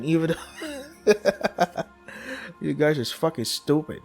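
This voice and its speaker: A young man reading a visual novel aloud and ranting at it, profane and exasperated, with sudden loud outbursts. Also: mid-range voice, takes it slowly, pauses often, soft background music. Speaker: let's play streamer.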